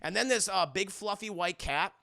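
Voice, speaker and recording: A young man streaming a casual, profane recap of an animated show, talking to his chat. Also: sits high, normal speed, gravelly, dry recording, studio quality. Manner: excitable, profane, talks to chat, acts out characters. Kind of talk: casual livestream recap commentary.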